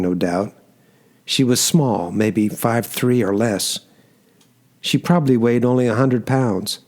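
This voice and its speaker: Male narrator, mid pitch, measured first-person audiobook read. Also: darkish tone.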